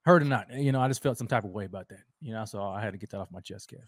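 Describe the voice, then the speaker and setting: A man's voice: lowish voice, no room sound. Heated male co-host, casual sports chat, dry close sound. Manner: emotional, emphatic, quick to get heated.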